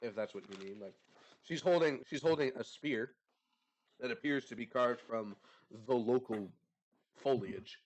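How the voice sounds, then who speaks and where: A man's voice: medium pitch, measured pace, long pauses. A man narrating as game master of a tabletop game, hesitant and full of fillers.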